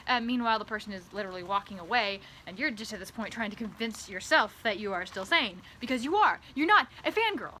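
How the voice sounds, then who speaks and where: A woman vlogging in a comedic monologue, rambling and tripping over repeated words, swinging between loud bursts and hushed asides. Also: mid-range voice, animated, fast, hardly any pauses, slight background noise. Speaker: author vlogger.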